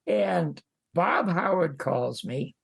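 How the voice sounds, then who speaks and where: An older man, a podcast guest, tells a long show-business story in an animated way, jumping into other people's voices as he quotes them. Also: a little high, slow, creaky, breathy edge. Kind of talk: anecdotal storytelling.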